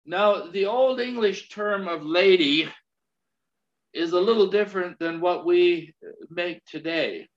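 This is a sermon from a man with a high voice whose delivery is slow and halting, full of restarts and amens. The recording is dull and lo-fi.

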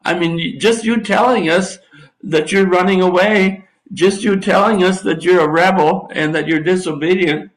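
A man's voice: sits high, normal speed, poor audio. An older man preaching a sermon, reading scripture and breaking off into folksy, wry asides to his listeners. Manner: folksy, drawling Bible teaching with asides.

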